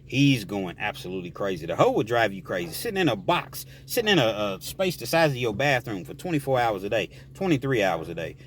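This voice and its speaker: A man casually telling a prison story, animated and explaining things directly to the listener. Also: lowish voice, a little fast, few pauses, a little hiss or hum.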